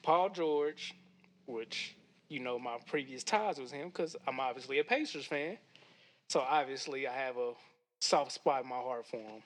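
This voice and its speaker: A young man from the Kansas City area, a podcast guest in casual chat, laid-back and quick to laugh. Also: medium pitch. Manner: laid-back, laughs often, says bro a lot.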